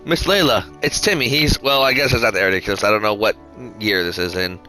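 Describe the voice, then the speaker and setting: A man's voice: fairly low pitch, fast, pushed and bright, soft background music. A man playing a video game and muttering casual commentary, swearing now and then. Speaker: gamer. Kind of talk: let's play commentary.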